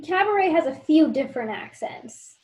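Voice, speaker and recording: A woman's voice: high-pitched, animated, moderate pace, darkish tone, muffled recording. A woman interviewing a guest, asking short casual questions.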